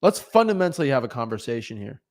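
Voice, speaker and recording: A young man giving casual motivational advice as a real estate coach, animated, often repeating and restarting words. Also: medium pitch, fast. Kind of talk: casual motivational vlog talk.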